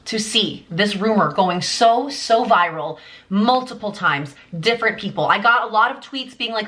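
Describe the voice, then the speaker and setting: A woman's voice: mid-range voice, animated, fairly quick, pushed and bright. A woman in her twenties giving an emphatic, indignant fan commentary to her vlog audience, full of "like". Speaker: YouTuber.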